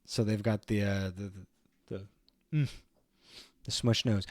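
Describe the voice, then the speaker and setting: A man's voice: on the low side, fairly even intonation, unhurried, long pauses, dry recording, clean studio sound. Chatty man streaming a video game. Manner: chatty, rambling, easygoing. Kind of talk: casual let's play commentary.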